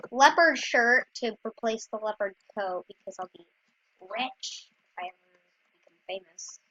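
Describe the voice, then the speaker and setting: A high-pitched woman talks viewers through a game in a loose, rambling way, addressing them directly. The recording is dull and lo-fi, with a dry, close sound. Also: lively intonation, a little slow, sharp tone, no room sound. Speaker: gameplay video creator. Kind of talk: casual gameplay commentary.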